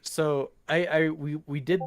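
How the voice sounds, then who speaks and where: A man's voice: on the high side, fairly even intonation, measured pace, no echo. A man co-hosting a gaming podcast in casual chat, rambling and laughing often. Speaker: podcast co-host. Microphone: home computer setup.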